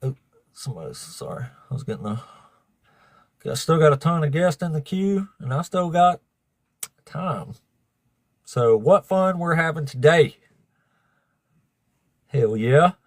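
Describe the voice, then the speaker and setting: A man hosts a livestream, chatting loosely with his viewers. He swears freely and laughs often in a somewhat high voice. The sound is dry and close, with little room around it. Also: lively intonation, a little slow, pauses often, no echo. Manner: profane, laughing, talks to chat. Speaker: livestream debate host. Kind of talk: casual livestream chat.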